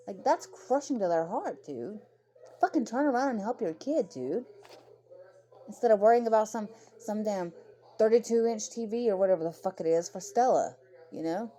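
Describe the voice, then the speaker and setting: A woman's voice: medium pitch, mellow, a little hiss or hum. A woman ranting in heated, profane commentary, often repeating herself, talking about her own kids along the way. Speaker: commentary creator.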